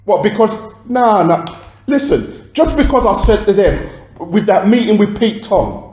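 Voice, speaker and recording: An actor playing an agitated record label boss, arguing on the phone and swearing. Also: male voice, high voice, a little mellow, roomy sound. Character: angry male London record boss on phone. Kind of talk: dramatized film phone calls.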